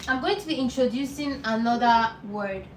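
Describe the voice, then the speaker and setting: A woman teaching a live online beginner lesson, patient and repeating words slowly for learners. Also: fairly high pitch, echoey room, recorded from a distance, slight background noise, poor audio. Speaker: language teacher.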